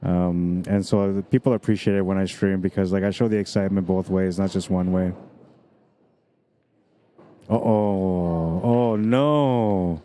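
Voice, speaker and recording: Low, mellow-voiced excitable pool commentator. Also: male voice, measured pace. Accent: Canadian. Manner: excitable, breaks into screams and laughs at exciting shots; explanatory, breaks down shot angles like a coach. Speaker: pool match commentator and streamer. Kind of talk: solo live-stream commentary.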